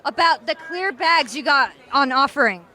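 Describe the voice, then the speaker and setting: A woman's voice: high-pitched, expressive, normal speed, sharp tone. A woman interviewing staff outdoors at a theme park. She prompts her guests in an eager, peppy way. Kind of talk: casual interview.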